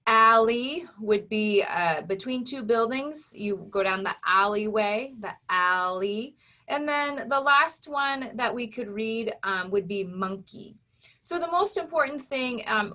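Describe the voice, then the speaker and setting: Bright-voiced phonics teacher woman. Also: medium pitch. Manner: patient, explains step by step to young learners.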